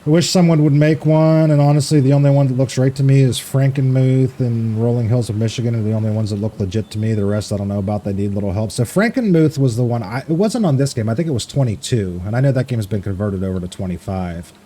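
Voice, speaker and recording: Man, game streamer, casual chatter, mellow warm voice, swears freely, laughs easily. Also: medium pitch, fast, hardly any pauses. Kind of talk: casual live-stream chat, reading chat aloud.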